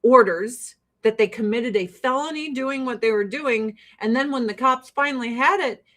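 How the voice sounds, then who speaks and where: A woman's voice: fairly high pitch, moderate pace, fairly bright tone. A woman host giving profane, exasperated commentary to her livestream viewers and mocking the people she talks about.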